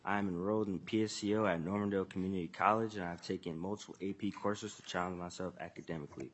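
A man's voice: low-pitched, steady tone, quick pace, breathy edge. A teenage boy, earnestly reading prepared testimony at a legislative hearing. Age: teens. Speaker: student testifier.

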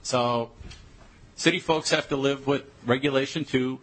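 A man giving public testimony at a committee hearing, earnest and halting. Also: medium pitch, fairly even intonation, a bit bright, low-quality recording.

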